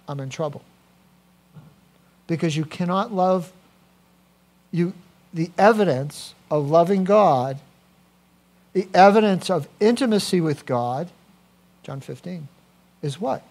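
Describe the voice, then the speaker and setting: Animated male pastor preaching. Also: sits high, slow, pauses often. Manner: animated, swings from quiet to loud, personal asides. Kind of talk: sermon.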